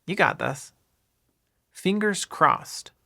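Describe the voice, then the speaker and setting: A man giving a scripted English lesson, explaining everyday phrases one at a time with example dialogues in a clear, deliberate way. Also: high voice, animated, sharp tone. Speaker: English teacher. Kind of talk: slow scripted language lesson.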